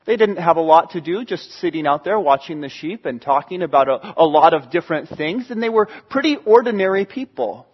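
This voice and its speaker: A man telling a sermon story to an audience in an excitable, animated way. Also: a little high, brisk, hardly any pauses, slightly rough, muffled recording. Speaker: storyteller preacher.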